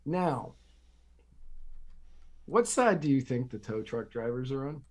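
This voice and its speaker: A man's voice: mid-range voice, big pitch swings, takes it slowly, noisy background. A man hosting a political podcast, ranting sarcastically and repeating himself for emphasis. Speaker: podcast host. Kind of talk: casual political commentary.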